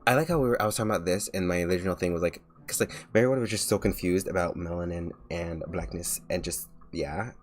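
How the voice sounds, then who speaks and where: A man's voice: sits low, fast talker, hardly any pauses. A young man streaming as a vtuber, chatting casually while he draws, rambling with lots of filler words and restarts.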